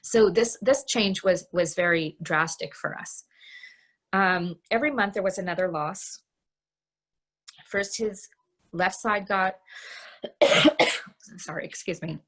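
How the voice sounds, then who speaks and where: A middle-aged woman giving a candid personal talk from her home over a video call, halting and restarting often. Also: fairly low pitch, fairly bright tone. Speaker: guest speaker.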